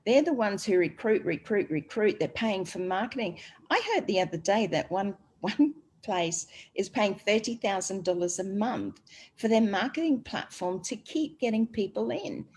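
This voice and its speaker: A woman's voice: medium pitch, expressive, normal speed, a little mellow, slight background noise. An Australian woman speaking in a casual online group discussion, chatty and rambling with frequent fillers. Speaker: panel speaker.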